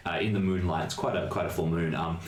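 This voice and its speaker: Low-voiced man narrating as game master. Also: steady tone, fast, roomy sound. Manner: descriptive, hesitant with fillers.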